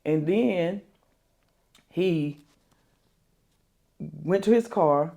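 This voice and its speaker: An older woman, telling a painful family story in an interview, halting and repeating herself. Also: fairly low pitch, dark tone. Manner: halting, repeats herself, quotes others aloud. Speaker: interview guest. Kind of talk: emotional interview.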